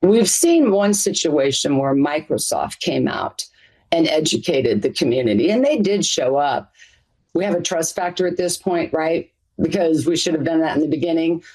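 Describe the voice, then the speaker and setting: A woman's voice: low-pitched, darkish tone, breathy edge, low-quality recording. A middle-aged woman advocate answering interview questions earnestly, stacking up points in lists. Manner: earnest, emphatic, piles up lists. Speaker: interview guest, community advocate.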